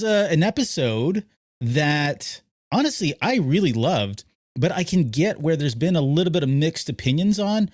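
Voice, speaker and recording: A man's voice: medium pitch, a little mellow, no echo. Joking male podcast host, dry sound. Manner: jokey, loose, many fillers. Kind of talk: casual podcast chat.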